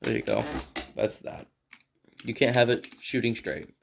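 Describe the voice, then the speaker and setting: A man's voice: fairly low pitch, big pitch swings, a little slow, slight background noise. Rambling man reviewing a toy. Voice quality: clears throat often. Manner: rambling and unscripted, thinks aloud while handling a toy. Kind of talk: casual toy review vlog.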